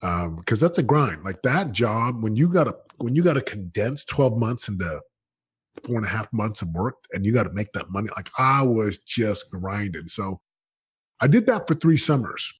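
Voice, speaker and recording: A man in his late thirties, a guest in an interview, telling his story in an energetic, emphatic way with lots of slang and restarts. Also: on the low side, moderate pace, slightly rough. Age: late 30s.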